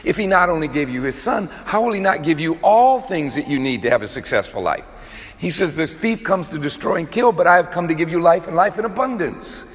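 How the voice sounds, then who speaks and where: A man's voice: fairly high pitch, lively intonation, fairly quick. A man preaching a sermon to a group of men, emphatic, with frequent restarts and acted-out quotes. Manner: emphatic, repetitive restarts, acts out quoted voices. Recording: long hall reverb.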